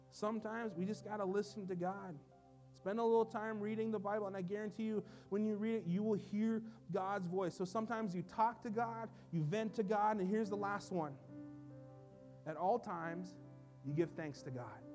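A man preaching as a pastor, swinging between soft low asides and loud emphatic lines, in a church. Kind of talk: sermon. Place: church sanctuary.

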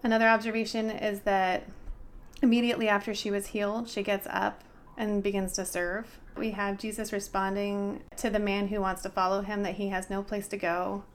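A woman's voice: medium pitch, level tone, moderate pace, slight background noise. A woman co-hosting a casual bible study discussion, chatty and thinking aloud.

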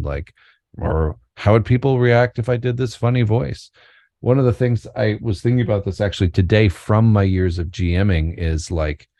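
Deep-voiced man in casual podcast chat. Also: a little mellow, no echo. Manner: loose, joking, self-deprecating, many restarts. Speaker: podcast co-host and game master.

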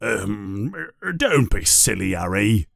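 A man voicing a big, gruff, kindly male gamekeeper in a storybook reading, hesitant and hemming. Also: fairly low pitch, very animated, slow, a bit bright, no room sound, pitched below the performer's own voice, full character voice. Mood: evasive. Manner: hesitant, with filler sounds.

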